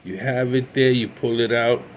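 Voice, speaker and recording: Chatting about his pipes, this collector in his sixties wanders through asides and restarts his sentences often. He speaks at a moderate pace with a medium pitch and fairly even intonation, recorded lo-fi with slight background noise.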